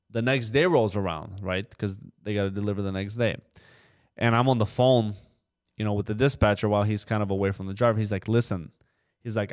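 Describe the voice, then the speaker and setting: A man's voice: lowish voice, smooth. A young man telling a story in a casual podcast interview, acting out the voices of the people he quotes and leaning on fillers like "you know". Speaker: trucking company co-owner, podcast guest.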